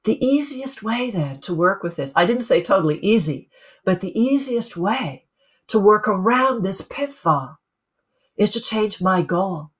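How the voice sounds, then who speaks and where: A middle-aged woman who coaches people on sleep, speaking calmly in a webinar and putting questions to her listeners. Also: mid-range voice. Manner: calm, teaching, asks the listeners questions. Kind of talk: webinar talk.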